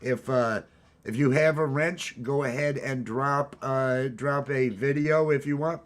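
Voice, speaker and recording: A man's voice: medium pitch, steady tone, unhurried. A man hosting a casual livestream from home, upbeat and rambling as he greets his viewers. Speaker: livestream host. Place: at home, green screen.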